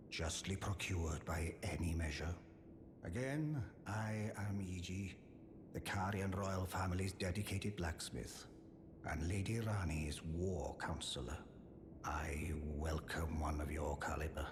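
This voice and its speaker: A man voicing a loyal, courteous male giant blacksmith who speaks formally and in a measured way. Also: sits low. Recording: game audio with music behind.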